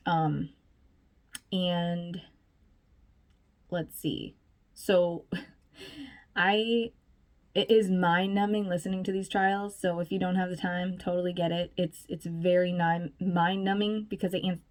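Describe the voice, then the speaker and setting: A woman's voice: lowish voice, darkish tone. A woman vlogger giving casual, chatty commentary, full of fillers and little laughs.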